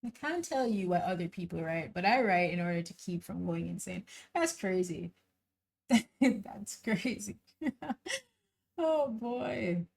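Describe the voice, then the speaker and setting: A woman hosting a reaction channel, thinking out loud in a casual, musing way with many fillers and pauses. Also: on the low side, animated, vocal fry. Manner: thoughtful, musing, trailing off with frequent laughs and fillers.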